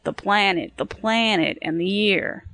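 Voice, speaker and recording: A woman's voice: medium pitch, unhurried, fairly bright tone. A woman reading aloud and voicing a blunt, impatient man with a scratchy voice who answers a phone call in a storybook. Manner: blunt, impatient tough-guy talk.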